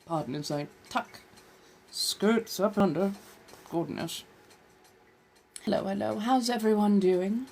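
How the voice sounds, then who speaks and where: A woman's voice: medium pitch, slow pace, gravelly, pauses often, a little mellow, slight background noise. A woman hosting a live stream in character as an ancient vampire, chatting and reading tarot with theatrical, old-fashioned genteel phrasing.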